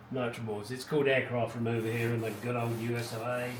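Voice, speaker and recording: A man's voice: mid-range voice, level tone, fairly quick. A middle-aged man narrating his car restoration work in a casual, wry, rambling way with muttered asides, recorded in his home garage. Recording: echoey garage, distant mic, background noise.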